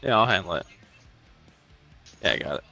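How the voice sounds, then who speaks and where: A man running a tabletop game over a voice call, answering players with short deadpan lines and easy laughs. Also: deep voice, normal speed, creaky, highs cut off, faint music behind. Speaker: game master.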